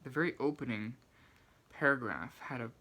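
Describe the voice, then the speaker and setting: A soft-spoken man with a mid-range voice reads out favourite quotes from books and talks about why they matter to him. He is shy and hesitant, often stopping to restart a phrase and filling gaps with ums and uhs. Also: mid-range voice, moderate pace. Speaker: book channel host. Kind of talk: reading quotes aloud and commenting.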